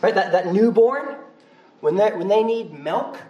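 A male pastor preaching a sermon in a church, conversational and animated. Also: sits high, unhurried, highs cut off. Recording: roomy, from far off the mic.

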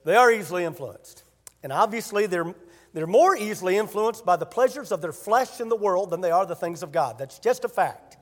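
A man preaching a sermon as pastor, emphatic and rising to loud bursts. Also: high-pitched, expressive, brisk, in a large hall.

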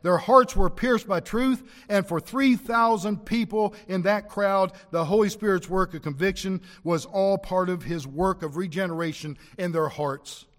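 A man preaching a sermon, emphatic, slowing down to press home key words. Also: sits high, big-room sound.

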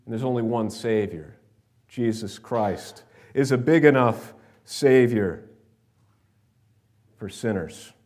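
A man's voice: medium pitch, takes it slowly, long pauses, a little mellow. A male pastor with an American accent leading a church service, reading scripture, praying, then preaching in a conversational storytelling way to his congregation. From New York. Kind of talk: sermon with scripture reading and prayer. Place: church sanctuary.

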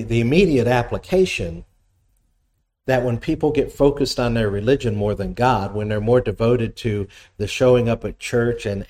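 A man's voice: mid-range voice, darkish tone. A man preaching a sermon, teaching in a conversational way, reading scripture aloud and putting questions to his listeners. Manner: reads scripture aloud between explanations. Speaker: pastor.

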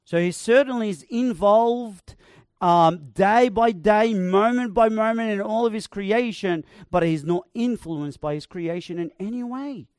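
A man preaching a sermon, building to emphatic proclamations with slow, repeated phrases. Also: high voice, a little mellow, clear, resonant tone, no room sound, clean studio sound.

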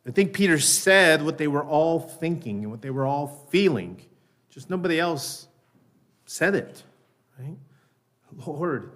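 A man preaching a sermon in a conversational way. He often checks in with "right?", slows down on key words and raises his voice to act out lines. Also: fairly high pitch, a bit bright. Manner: raises his voice when acting out Peter's lines. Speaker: pastor.

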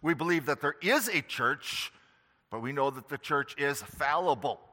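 A man preaching a sermon slowly and emphatically, pressing hard on key words. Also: on the high side, animated, pushed and bright, big-room sound. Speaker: pastor.

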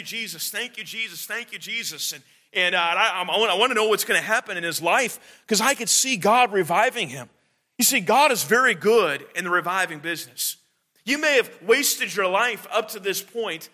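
Earnest high-voiced male preacher. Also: pushed and bright. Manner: earnest, halting with many fillers and restarts. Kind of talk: sermon.

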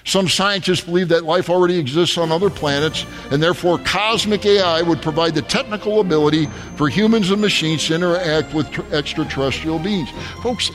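A man preaching at a rally, addressing his audience as folks in an emphatic, urgent manner. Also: on the high side. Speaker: pastor. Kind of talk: rally sermon. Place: large hall with audience. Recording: long hall reverb, faint music.

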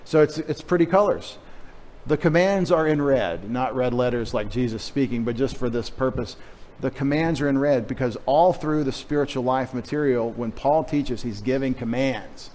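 Middle-aged pastor, faint texas twang, jokey asides mid-sermon in church, mid-pitched voice. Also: male voice, normal speed, a little mellow. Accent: Texan. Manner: joking, chatty asides.

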